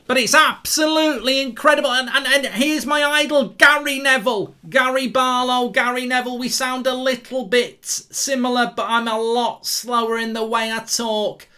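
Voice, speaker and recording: A man doing an impression of a boastful, self-important male pop singer, drawling slowly. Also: very high voice, steady tone, bright, forceful tone, smooth, voice pushed up, heavily acted.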